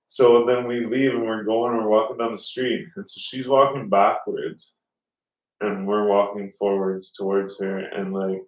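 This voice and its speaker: A man's voice: fairly low pitch, level tone, a little slow. A man telling a rambling story in casual podcast chat, swearing often and acting out the people he quotes. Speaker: podcast host. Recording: roomy, mic at a distance.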